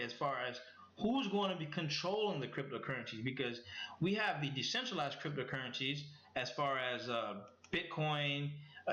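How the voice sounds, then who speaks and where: A man casually reading out news articles and commenting on them, talking quickly with many restarts and fillers. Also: a little high, sharp tone. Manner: fast talker with frequent restarts and fillers. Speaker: crypto news vlogger. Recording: echoey room, dull lo-fi sound.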